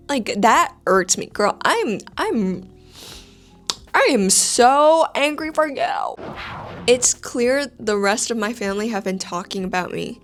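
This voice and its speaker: A woman reads online posts aloud in a casual, chatty way, breaking off to react. She laughs a lot, her voice leaps up high when something surprises her, and she drops sarcastic, sweary asides. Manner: animated, laughs often, squeals in high bursts when excited.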